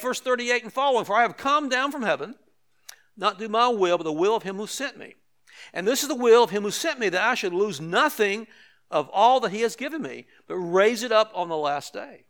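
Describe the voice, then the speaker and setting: A man's voice: high-pitched, a bit bright. An older man preaching a sermon as pastor, conversational with emphatic repetitions and light asides to the congregation.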